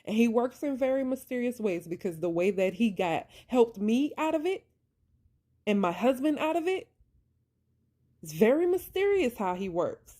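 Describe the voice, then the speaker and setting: A woman's voice: fairly high pitch, sing-song, normal speed, dark tone. A woman, talking passionately about faith and surviving abuse. She speaks like a preacher and repeats points for emphasis. Her voice is wearing thin and she is close to tears. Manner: addresses listeners as "y'all". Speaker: vlogger sharing her story. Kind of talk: heartfelt faith-based monologue.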